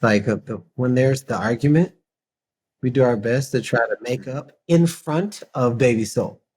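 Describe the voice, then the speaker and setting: A man guest on a podcast, clarifying points and telling stories about his relationship in an animated way. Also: mid-range voice, normal speed, breathy edge. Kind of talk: candid relationship talk.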